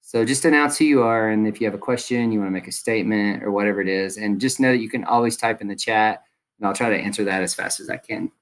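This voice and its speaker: A man's voice: lowish voice, fast. A young male teacher, giving recorded class instructions in a casual, friendly way with frequent ums.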